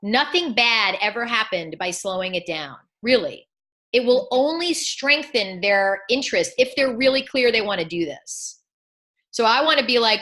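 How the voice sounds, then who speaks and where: A woman coaching live on a video call, acting out client conversations in an animated way. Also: on the high side, normal speed. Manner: animated, acts out dialogue. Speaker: coaching school founder.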